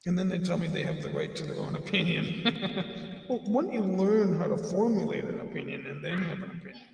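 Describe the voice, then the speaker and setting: Middle-aged man, rambling livestream chat, gravelly voice, long reverb. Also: sits high, animated, fairly quick. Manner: rambling, talking while chewing. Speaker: livestream host. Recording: echoey room, distant mic.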